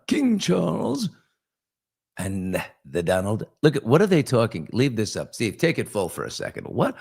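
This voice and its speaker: A man's voice: lowish voice, vocal fry. Guy hosting a loose live morning chat, jokey, rambly, talking to the crew. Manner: joking, rambling asides to crew. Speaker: host. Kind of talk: casual live talk show chat.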